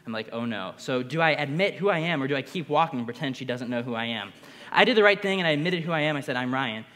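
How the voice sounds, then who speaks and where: Young man giving an energetic keynote in a hall. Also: fairly high pitch, quick pace. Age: young adult. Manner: energetic, builds to bursts of excitement. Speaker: conference speaker. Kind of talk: motivational keynote storytelling. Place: large hall. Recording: long hall reverb.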